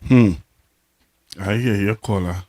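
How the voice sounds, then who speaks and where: A man's voice: on the low side, slow, a little mellow. Trinidadian man hosting a call-in show. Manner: mocking, teasing, repeats himself. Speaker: radio talk show host. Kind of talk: casual call-in talk show.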